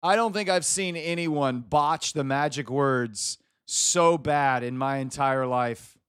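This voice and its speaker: A man's voice: mid-range voice, slow pace, fairly bright tone, clear, resonant tone, dry recording, clean studio sound. A man hosting a live stream, teasing and mock-scolding a viewer in casual chat banter. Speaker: livestream host.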